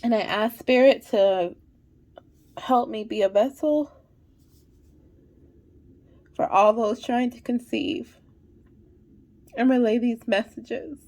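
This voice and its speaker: A woman's voice: a little high, takes it slowly, pauses often, a little mellow. A woman hosting a spiritual fertility channel, reading angel messages in a monologue. She sounds emotional and near tears, repeats her affirmations and keeps asking "okay?". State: holding back tears. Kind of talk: intuitive card reading monologue.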